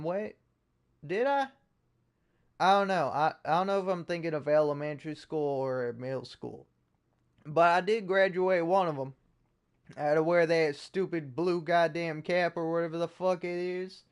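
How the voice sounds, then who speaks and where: A man's voice: a little high, clean tone. A man voicing a boastful, proudly ignorant redneck man with a Southern US accent, talking in a crude, profane, swaggering way. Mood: bumbling.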